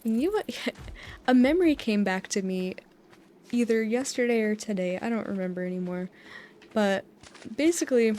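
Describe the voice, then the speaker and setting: A woman's voice: a little high, lively intonation, moderate pace, long pauses, dark tone, a little hiss or hum. A young woman in her twenties from the US, chatting and telling meandering stories with frequent giggles while she plays a game at home on a close dynamic mic. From United States. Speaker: gaming YouTuber. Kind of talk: rambling sleep-time gameplay chat. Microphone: USB dynamic mic close up.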